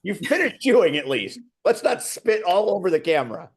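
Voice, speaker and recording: A man's voice: sits high, sing-song, normal speed, breathy edge. Joking male host on a video call. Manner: joking, teasing. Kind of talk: casual group chat.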